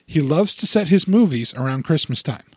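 A man's voice: fairly high pitch, expressive, moderate pace, warm tone, breathy edge, no echo, clean studio sound. A man co-hosting a casual podcast chat, explaining things at length with frequent restarts. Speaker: podcast co-host.

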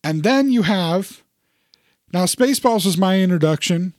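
A man's voice: high voice, animated, a little slow, a little mellow, no room sound, studio quality. A middle-aged man chatting casually about movies, rambling with many restarts. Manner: rambling, restarts a lot, puts on quoted voices.

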